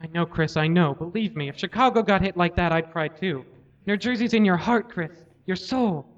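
Guy doing a chill president voice, low murmur, dry jokes, kinda muffled recording. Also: moderate pace, natural voice. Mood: soothing. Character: deep-voiced calm male president, soothing and wry. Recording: lo-fi live recording.

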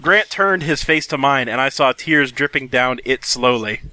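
A man co-hosting a comedy podcast, reading an amateur story aloud in a deadpan way and breaking into laughter. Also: medium pitch, normal speed, no echo. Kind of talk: comedic reading of fan fiction.

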